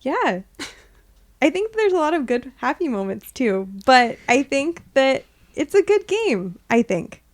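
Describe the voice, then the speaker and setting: Woman rambling in casual chat, kinda high voice, says like a lot, super animated. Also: takes it slowly. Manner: animated, lots of "like" fillers, acts out quotes. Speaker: podcast guest.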